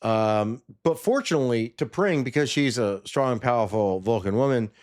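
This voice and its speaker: A man casually recapping a TV episode, sarcastic and animated, sometimes mimicking the characters. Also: mid-range voice, normal speed. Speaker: TV episode reviewer.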